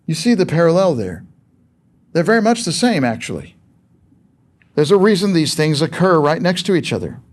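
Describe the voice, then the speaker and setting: A man's voice: a little high, sing-song, moderate pace, pauses often. A man preaching a sermon in a conversational, emphatic way, asking rhetorical questions of his listeners.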